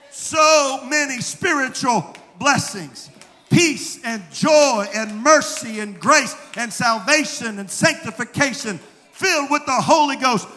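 A man with a Southern accent preaching a rhythmic sermon as pastor, swinging between hushed passages and shouted refrains. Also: very high-pitched. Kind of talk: fiery sermon. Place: church sanctuary. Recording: long hall reverb, faint crowd and noise.

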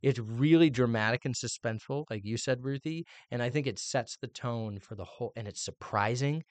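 A middle-aged man co-hosting a casual podcast chat, animated and teasing. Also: mid-range voice, brisk, dry recording. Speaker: podcast co-host, father.

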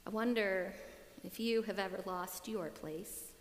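A woman's voice: mid-range voice, unhurried, slight background noise. A woman, apparently a pastor, preaching a sermon in a reflective way, returning again and again to a repeated refrain. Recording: echoey hall with long reverb.

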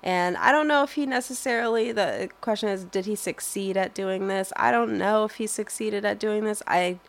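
A woman's voice: mid-range voice, moderate pace. A young woman answering interview questions in a thoughtful, hesitant way, full of fillers and restarts.

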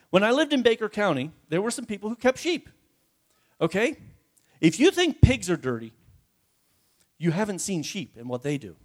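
A man preaching a sermon to his congregation in a folksy, joking way, often asking them questions. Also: sits high. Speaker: pastor. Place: church before a congregation.

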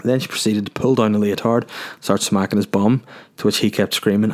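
Fairly low in pitch and level in tone, a young podcast host speaks at a moderate pace. He tells crude stories casually, wandering off on tangents and joking.

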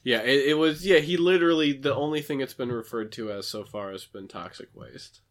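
Man joking through a casual recap. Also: medium pitch. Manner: chatty, joking, quick asides and laughs. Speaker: podcast co-host recapping a film. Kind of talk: casual chat.

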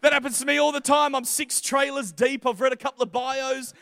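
A man preaching a sermon, moving from casual jokes to slow, emphatic scripture reading. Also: very high voice, fairly even intonation, vocal fry, a bit bright, dry recording.

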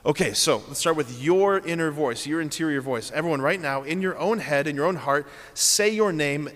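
A man preaching in an earnest sermon style, often doubling his key phrases for weight. His voice sits on the higher side and carries a long reverb from a big church hall. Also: normal speed, a bit bright. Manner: earnest, repeats key phrases, leads the congregation in exercises.

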